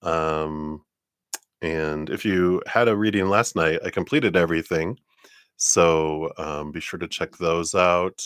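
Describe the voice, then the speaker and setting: A man's voice: deep voice, fairly even intonation, slow pace, fairly bright tone, clear, resonant tone, no echo, clean studio sound. A man hosting a live tarot stream in a casual, chatty way, with many fillers and frequent laughs.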